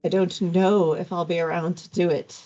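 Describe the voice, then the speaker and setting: A woman's voice: lowish voice, flat delivery, normal speed, warm tone, close to an everyday voice. A woman voicing a blunt but caring young woman who braids a friend's hair, speaking brusquely with a tender streak. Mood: earnest. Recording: dull lo-fi recording with faint music.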